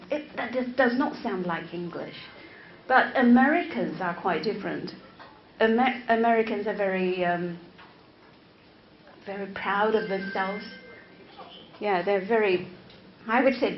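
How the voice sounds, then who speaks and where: A woman professor whose first language is Chinese gives a classroom lecture to teachers, often repeating words and checking in with "right?". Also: medium pitch. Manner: slow, deliberate, interactive with the audience. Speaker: English teacher-educator, professor. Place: lecture room. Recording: echoey, slightly dull room recording with faint noise.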